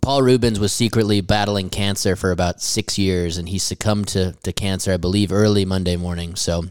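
A man co-hosting a casual chat show, joking crudely with quick asides. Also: deep voice, fairly even intonation, clean tone, no echo, clean studio sound. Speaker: podcast co-host.

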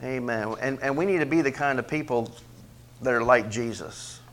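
A man preaching a sermon as pastor, questioning the congregation and swinging from quiet asides to emphatic, loud peaks. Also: normal speed. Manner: preaches with big swings in pitch and loudness, rising to emphatic peaks; asks the congregation questions directly.

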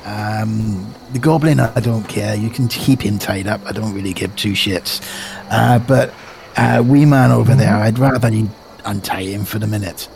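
A man's voice: fairly low pitch, moderate pace, vocal fry, a little mellow, a little hiss or hum. A man voicing an easygoing, blunt male adventurer who teases and swears offhandedly, in tabletop role-play. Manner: casual, teasing, swears offhandedly.

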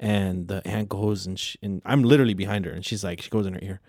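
A man's voice: low-pitched, fairly even intonation, quick pace, a little mellow, no room sound, clean studio sound. A young man co-hosting a podcast, telling stories in a laid-back, profane way. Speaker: podcast co-host. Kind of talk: casual chat.

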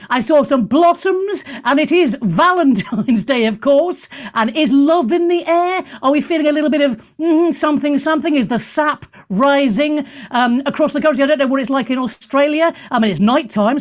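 A woman hosting live radio from a studio in front of a camera, chatty and self-mocking with rambling asides. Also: high voice. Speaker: radio show host. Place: studio room in London.

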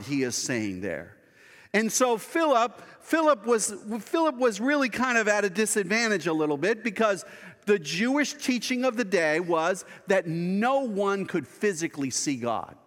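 A man's voice: high voice, very animated, moderate pace, a bit bright, long reverb tail. A man preaching a sermon as pastor, earnest and conversational, asking his congregation rhetorical questions.

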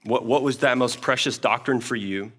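A man's voice: mid-range voice, normal speed, bright, forceful tone. A man preaching a sermon in an earnest, conversational way, telling a personal story with many asides and then leading a prayer. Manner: acts out quoted speech, dropping to a whisper at times. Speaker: pastor.

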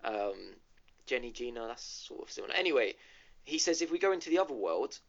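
A man's voice: mid-range voice, very animated, fairly quick. A man co-hosting a casual gaming podcast, retelling a game's story with lots of ums and restarts. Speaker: podcast co-host. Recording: dull lo-fi audio.

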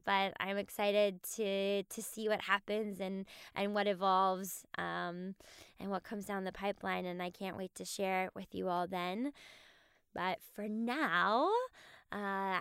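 Slow emotional woman podcast host. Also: mid-range voice, fairly bright tone, clear, resonant tone, no room sound, studio quality. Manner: halting, many fillers and restarts. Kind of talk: heartfelt farewell address to listeners.

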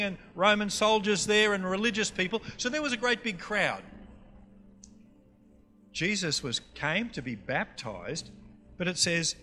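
A man's voice: high voice, sharp tone. A man with a North Queensland Australian accent, preaching a teaching session and quizzing the audience with questions. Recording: long hall reverb, faint music.

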